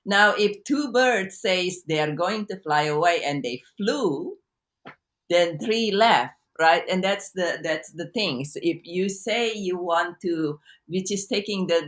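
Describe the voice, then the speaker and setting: A woman coach talking as an interview guest on a video call, halting with many restarts and repeats as she teaches through a story. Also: on the low side, animated, a bit bright. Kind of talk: casual interview talk.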